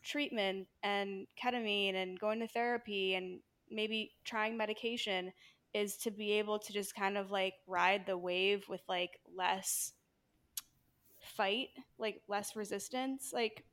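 A woman's voice: medium pitch, steady tone, unhurried, fairly bright tone. A woman who works as a ketamine nurse and yoga teacher, a podcast guest speaking candidly in loose, run-on phrases and swearing casually. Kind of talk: casual conversational interview.

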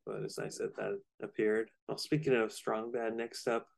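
Low-voiced man casually co-hosting. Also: moderate pace, creaky. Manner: relaxed, rambling with fillers. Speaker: podcast co-host. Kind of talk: casual chat.

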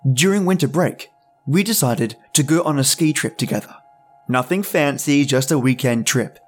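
A man hosting a podcast, narrating horror stories in a measured, dramatic reading. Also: mid-range voice. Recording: soft music bed.

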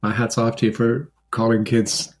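A man's voice: medium pitch, completely flat delivery, moderate pace. A man co-hosting a casual music podcast, chatty, laughing and repeating himself. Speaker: podcast co-host. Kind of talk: casual chat.

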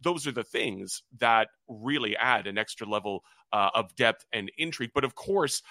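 A man co-hosting a wrestling podcast, speaking in a measured, articulate way with many "uh" pauses. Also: fairly low pitch, lively intonation, pushed and bright, no room sound. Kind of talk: casual preview chat.

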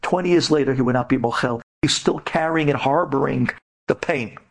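A rabbi and inspirational speaker gives a storytelling lecture, addressing an audience of women directly. His gravelly voice moves briskly, and he performs dramatically, acting out the quoted voices in his stories with big leaps in pitch.

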